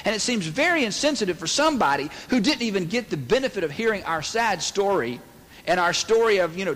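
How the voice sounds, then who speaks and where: A man's voice: very high voice, a bit bright, long reverb tail. A man preaching a sermon to a church congregation in a conversational way, acting out the voices of the people he quotes. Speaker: pastor. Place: church sanctuary.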